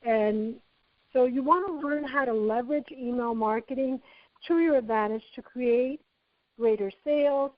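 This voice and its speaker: Chatty woman trainer with a higher voice. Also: a little slow, no room sound, lo-fi sound. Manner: chatty, walks through each step aloud. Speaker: marketing trainer. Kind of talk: screen-share software tutorial.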